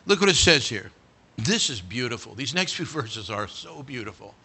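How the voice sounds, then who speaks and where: A man preaching a sermon in a church, animated and dramatic, speaking directly to the congregation. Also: medium pitch, normal speed, husky.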